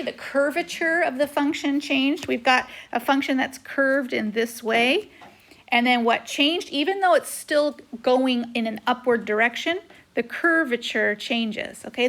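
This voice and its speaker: A woman's voice: sits high, normal speed, fairly bright tone. Chatty woman teaching a math lecture. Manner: chatty, says "okay" often. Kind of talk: recorded whiteboard lecture. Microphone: tablet microphone.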